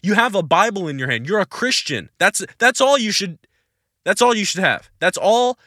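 A man's voice: high-pitched, lively intonation, normal speed, bright, forceful tone, no room sound, clean studio sound. A man hosting a Christian podcast Q&A, answering questions in an emphatic, insistent, preachy way and repeating his points. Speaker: podcast host.

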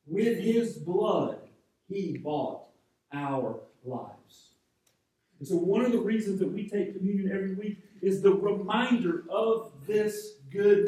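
High-voiced pastor in an echoing sanctuary. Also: male voice, a little mellow. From North Georgia, USA. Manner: conversational storytelling with frequent repeated starts. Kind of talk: sermon. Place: large church sanctuary. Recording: very echoey hall, voice from a distance.

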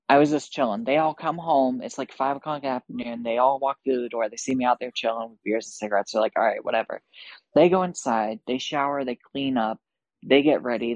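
A woman's voice: extremely low pitch, no echo, dull audio. Profane woman telling a wild story. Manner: profane, animated, acts out quoted dialogue. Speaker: podcast guest. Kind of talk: casual storytelling.

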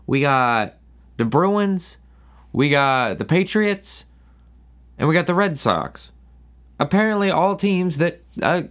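A young man from New England hosting a podcast, ranting sarcastically with a lot of swearing. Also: on the high side. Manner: sarcastic, profane, animated ranting. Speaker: podcast host. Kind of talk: casual solo rant.

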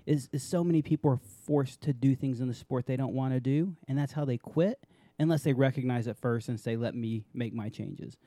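A man's voice: mid-range voice, dark tone, no echo. A man hosting a casual podcast, joking loosely and laughing often. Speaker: podcast host.

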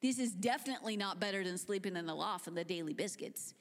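A woman preaching a sermon, retelling a story in an animated, conversational way that drops into hushed tones. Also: medium pitch, fast talker. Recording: long hall reverb.

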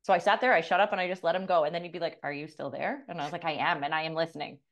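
A woman's voice: low voice, steady tone, rapid-fire, muffled recording. A middle-aged woman co-hosting a podcast, telling a personal story with blunt, profane candor and acting out the dialogue. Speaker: podcast co-host, coach.

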